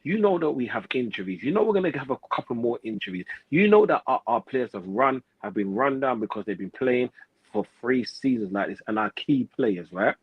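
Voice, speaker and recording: A man's voice: mid-range voice, big pitch swings, brisk, slightly rough, no echo, dull audio. A man, hosting a football fan show, ranting heatedly with lots of swearing, repetition and street slang. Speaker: football pundit host.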